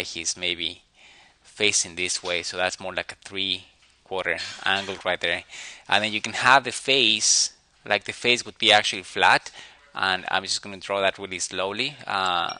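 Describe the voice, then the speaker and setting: A man giving an animation critique, thinking aloud as he draws and pausing often on fillers. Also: low-pitched, bright, forceful tone, no room sound, poor audio. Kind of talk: portfolio critique while drawing.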